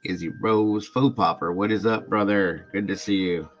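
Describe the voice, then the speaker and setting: A man's voice: fairly low pitch, fairly even intonation, normal speed, highs cut off. A man hosting a casual livestream, greeting viewers by name in a friendly way, his voice congested from illness. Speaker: true crime YouTube livestream host.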